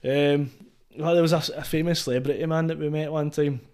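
A man's voice: a little high, steady tone, fairly quick, a little mellow, clean tone. A Scottish man from Falkirk, a DJ guest telling stories in casual, sweary podcast chat. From Falkirk, Scotland. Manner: sweary, laughing storyteller.

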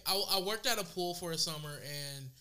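A man's voice: on the high side, a little fast, bright, forceful tone. A man chatting casually on a podcast, telling stories with dry, laid-back humor. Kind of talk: casual chat.

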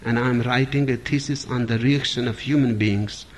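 A man's voice: mid-range voice, steady tone, moderate pace, slight background noise, lightly acted. A man voicing an indignant young woman student within an anecdote in a spiritual talk. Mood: apologetic. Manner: strident, then quietly apologetic.

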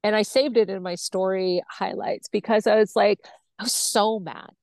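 A woman guesting on a podcast tells a personal story in an animated, blunt way, imitating other people's voices and swearing freely. Her voice is mid-range and creaky, delivered at normal speed, with no echo.

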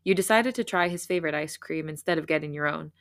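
A woman podcast host reads fan fiction aloud in a slightly low voice. Her narration is steady and clear, and she breaks into animated, laughing asides. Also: fast.

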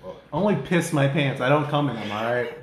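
A man's voice: mid-range voice, animated, fairly quick. A man on a casual podcast, cracking dry wisecracks. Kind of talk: casual chat. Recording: echoey room with a crowd behind.

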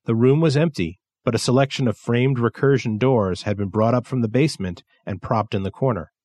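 A man narrating a science fiction story in a measured, steady reading style. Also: medium pitch, dry recording. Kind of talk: scripted narration.

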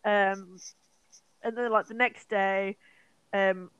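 Over dull audio with slight background noise, a woman co-hosting a podcast walks through a horror film slowly and casually. Her pitch is medium, and she swears a lot while animatedly performing the characters' dialogue.

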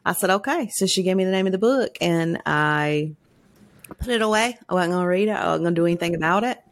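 A woman with a low, gravelly voice chats as a podcast co-host. She tells stories bluntly and with animation, swearing freely. The sound is dry and close. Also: expressive, fast talker, no echo. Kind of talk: casual chat.

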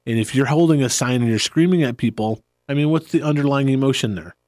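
A man hosting a podcast in a relaxed, rambling chat, often laughing. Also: medium pitch, fast talker, no echo, clean studio sound. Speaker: podcast host. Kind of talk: casual chat.

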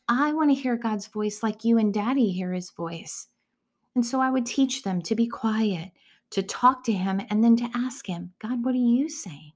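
Middle-aged woman, earnest Christian speaker; devotional teaching, slips into hushed whispers for emphasis. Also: on the high side. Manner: earnest, often drops to a soft whisper.

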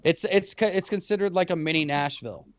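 A man co-hosting a podcast in casual chat, swearing often and talking in animated, talkative runs. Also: high voice, brisk, muffled recording. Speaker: podcast co-host. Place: lives in Alabama.

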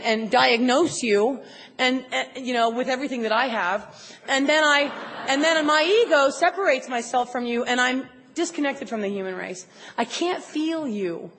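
A woman telling her own story at a recovery meeting, animated and acting out her own inner voice. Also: fairly high pitch. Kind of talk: personal testimony talk. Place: large convention hall. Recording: echoey convention hall recording.

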